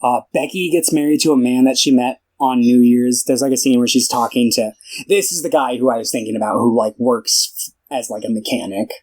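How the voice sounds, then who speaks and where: A man's voice: medium pitch, brisk, darkish tone, poor audio. A man co-hosting a podcast in a casual chat, recapping a film in a rambling way with lots of fillers and restarts. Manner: retells scenes by acting out the characters' lines. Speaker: podcast co-host.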